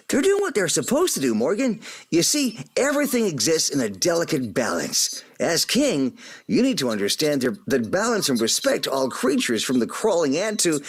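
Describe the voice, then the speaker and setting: A man voicing a wise, noble male lion king who speaks to his son in a slow, measured, fatherly way. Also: on the high side, husky, full character voice. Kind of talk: live staged script reading.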